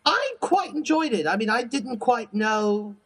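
A man's voice: very high voice, big pitch swings, unhurried, a bit bright, breathy edge. A man on a casual review chat, sharing earnest, enthusiastic opinions. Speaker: podcast co-host.

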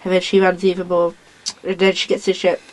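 A woman in casual chat, retelling a story in a rambling, excitable way, acting out lines as she goes. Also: fairly low pitch, a little fast, poor audio.

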